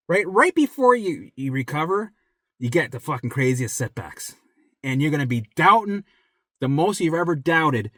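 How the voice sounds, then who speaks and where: A man talking straight to viewers as a recovery coach, blunt and profane, repeating himself for emphasis and dropping to a soft low voice when reassuring. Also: sing-song, moderate pace, no echo, studio quality. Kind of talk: direct motivational talk to viewers.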